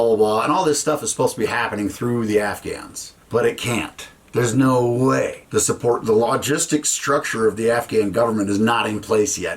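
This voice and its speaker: A man, a military veteran, telling a story to an audience in an animated, profane way, acting out conversations. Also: on the low side.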